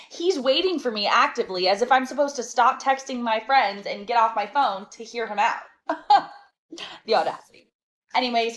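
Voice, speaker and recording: Sassy animated woman telling a storytime. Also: fairly high pitch, rough recording. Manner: animated, sassy, exasperated, laughs between lines. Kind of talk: casual storytime monologue.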